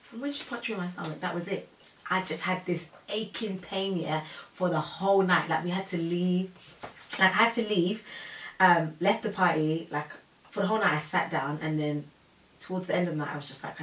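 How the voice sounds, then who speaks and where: Animated young woman, roomy and distant. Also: lowish voice, brisk, slight background noise. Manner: animated, acts out quoted voices, laughs often. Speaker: co-host telling her pregnancy story. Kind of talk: casual storytelling chat. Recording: roomy sound from a distant mic.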